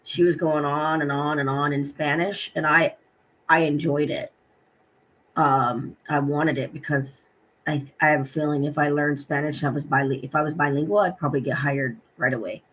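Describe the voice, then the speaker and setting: A woman's voice: deep voice, steady tone, moderate pace, a little hiss or hum, low-quality recording. A middle-aged woman talking in a personal vlog, emotional and hurting, rambling with many fillers as she retells her day. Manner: rambling and heartfelt, full of fillers and retold dialogue. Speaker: vlogger.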